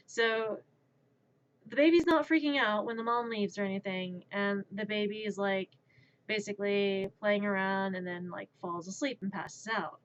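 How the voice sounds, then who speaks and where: A woman's voice: mid-range voice, fairly even intonation, normal speed, a little hiss or hum. A woman streamer telling a casual story, rambling and stammering, often repeating her words. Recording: muffled lo-fi stream audio.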